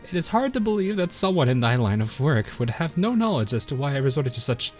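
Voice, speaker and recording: A man's voice: medium pitch, very animated, fast talker, faint music behind, natural voice. Man reading as Duke of York, archaic and menacing. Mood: teasing menace. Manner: archaic formal phrasing. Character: haughty seductive woman warship spirit, archaic speech.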